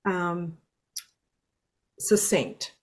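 Female podcast host, warm-toned interviewer, sums up the guest's points. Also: on the low side, drawn-out words. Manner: affirming, sums up the guest's words. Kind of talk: reflective interview talk.

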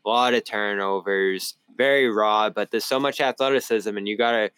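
A man's voice: lowish voice, fairly even intonation, moderate pace, fairly bright tone, clean tone, no room sound. A man with a Boston accent, a sports reporter co-hosting a casual basketball podcast, talking through his analysis with frequent restarts.

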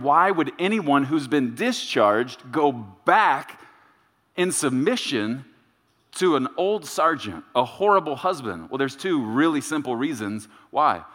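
A male pastor preaches in a mid-range voice and drives his points home by repeating them. He leans on dramatic pauses. His words carry a long reverb, as in a large sanctuary. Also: mid-range voice, lively intonation, fairly bright tone. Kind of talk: sermon.

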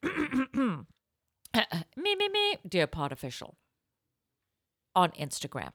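A woman's voice: on the high side, drawn-out words, long pauses, dry recording, studio quality. A woman co-hosting a comedy podcast, joking and doing playful announcer-style plugs. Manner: animated, playful, showy announcer bursts. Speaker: podcast co-host. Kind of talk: comedy podcast chat and ad reads.

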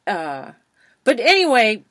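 A woman in her fifties, a former school teacher hosting an interview, chatty and enthusiastic, often restarting and swinging between loud and soft. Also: fairly high pitch, huge pitch swings, slow pace, no room sound. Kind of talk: casual interview chat.

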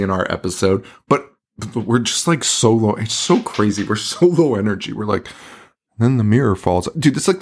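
Husky guy on a podcast, voice swinging all over, cussing and acting out movie lines. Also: mid-range voice. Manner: animated, profane, acts out quotes from the movie. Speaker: podcast co-host. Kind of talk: casual chat.

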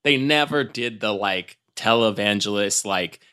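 A man's voice: lowish voice, bright, forceful tone, smooth. A man talking casually as a podcast guest, stopping and restarting often. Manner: halting, many restarts and "like"s. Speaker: podcast guest, former church member.

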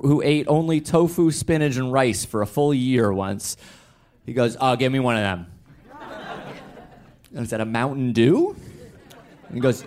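A male storyteller telling a personal story in a wry, self-deprecating way, halting and restarting as he goes. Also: mid-range voice.

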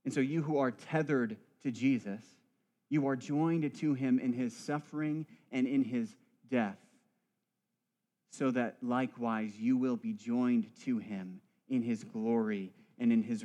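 A man's voice: medium pitch, dark tone. A male priest delivering a church sermon with rhythmic, building emphasis and wry asides.

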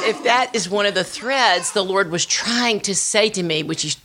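A middle-aged woman, giving a personal testimony and telling it with animated storytelling, acting out family voices. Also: on the low side, normal speed, hardly any pauses, a crowd in the background, background noise. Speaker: speaker sharing her testimony.

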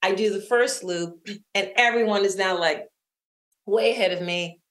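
A lively middle-aged woman, an author and interview guest, recounts something personal in conversation. Her pitch is medium, and laughter comes to her quickly.

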